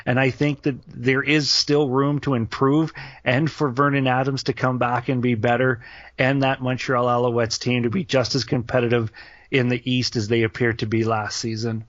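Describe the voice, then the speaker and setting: A man's voice: medium pitch, flat delivery, moderate pace, a bit bright, no echo. A man with a nasal voice, co-hosting a casual sports podcast. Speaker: podcast co-host. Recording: dry, slightly dull home setup.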